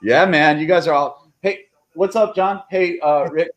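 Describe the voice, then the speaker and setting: A man dropping into a video call as a surprise guest, excitable, joking and rambling. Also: fairly high pitch, a little slow. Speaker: drop-in guest. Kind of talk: casual video-call chat.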